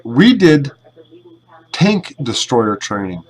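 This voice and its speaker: A man's voice: medium pitch, sing-song, slow pace, rough recording. A young man casually commenting over gameplay, rambling and self-deprecating, with casual swearing, speaking into a headset at his computer. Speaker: gaming YouTuber and clan member.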